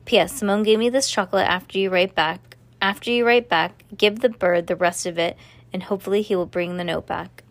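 A woman's voice: lowish voice, fairly even intonation, fairly quick, dry recording, lightly acted. A woman reading aloud and voicing an eager, brave young girl held prisoner.

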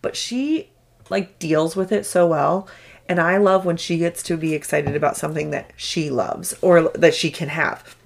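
A woman's voice: deep voice, normal speed, gravelly. A young woman co-hosting a podcast, chatting candidly about her child and laughing often. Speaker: podcast co-host. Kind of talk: casual chat about parenting.

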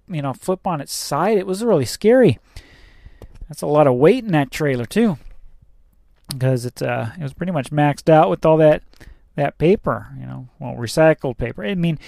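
A chatty male trucker rambles through a story about his day, swearing now and then. His voice sits a little high for a man. The recording is very dry and close, with no room sound. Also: vocal fry, warm tone, dry recording. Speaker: truck driver. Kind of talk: casual vlog storytelling.

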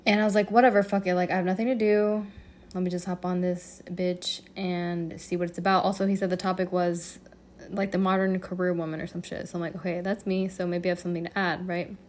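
A woman hosting her own podcast, telling a story in a casual, profane and animated way with frequent laughter. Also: fairly low pitch, brisk. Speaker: podcast host.

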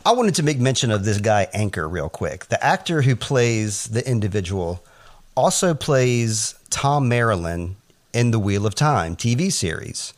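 A man's voice: on the low side, measured pace. Chatty man hosting a TV recap podcast. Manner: chatty and animated, with laughs and asides. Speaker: podcast co-host.

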